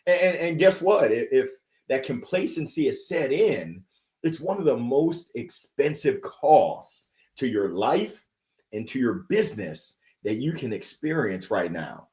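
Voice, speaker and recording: A man in his forties hosting a high-energy motivational livestream with hype call-outs to viewers. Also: very animated, measured pace, a little mellow, echoey room. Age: 40s. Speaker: motivational speaker, host. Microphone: livestream setup.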